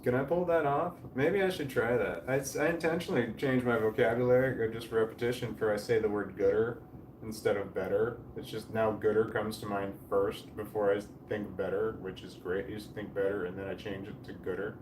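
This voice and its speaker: His lowish voice holds a steady tone and a brisk pace as this man in his forties, hosting a livestream at home, reads out viewer comments. His chatter meanders, often trailing off mid-sentence, with casual swearing. A distant mic gives the audio a roomy feel and faint background noise.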